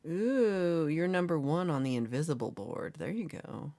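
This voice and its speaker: Low, lively-voiced woman livestream host. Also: unhurried, few pauses. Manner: playful, reads and answers chat comments aloud; jokey and teasing. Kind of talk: casual live chat with viewers.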